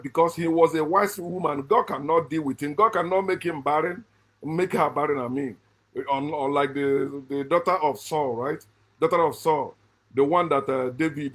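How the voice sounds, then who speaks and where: Husky-voiced man giving a fiery monologue. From Africa. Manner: swings from loud high emphasis to low muttered asides; restarts and rephrases often. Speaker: channel host. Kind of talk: emphatic spoken commentary monologue.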